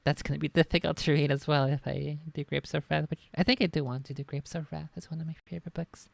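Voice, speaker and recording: Gravelly woman streamer chatting casually. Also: sits low, steady tone, fast talker. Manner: chatty, self-critical, swears and laughs often. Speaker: streamer reading a novel aloud. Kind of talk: casual live-stream chat and reading.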